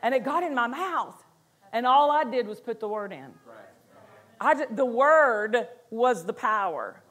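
A woman's voice: a little high, very animated, a little slow, fairly bright tone. A woman pastor preaching a sermon in a conversational way, acting out quotes and laughing between points.

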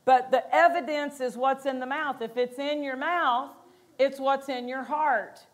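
A woman's voice: high voice, steady tone, a little slow. A woman pastor preaching a sermon in a conversational way, acting out quotes and laughing between points.

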